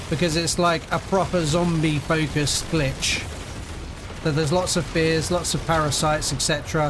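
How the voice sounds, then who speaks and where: A man's voice: on the high side, noisy background. A young British man streaming a video game live, chatting casually and answering viewers while he plays. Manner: chatty, reads and answers chat while playing. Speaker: gaming livestreamer.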